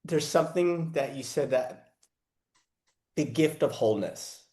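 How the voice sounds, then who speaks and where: A man hosting a podcast, talking in a reflective, halting way. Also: on the high side, dark tone, echoey room. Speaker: podcast host. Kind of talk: casual interview.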